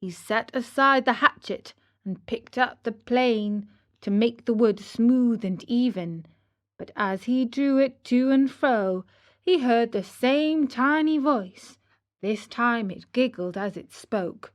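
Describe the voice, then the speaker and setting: A woman reading a fairy tale aloud clearly and deliberately for English learners. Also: on the high side. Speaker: storyteller.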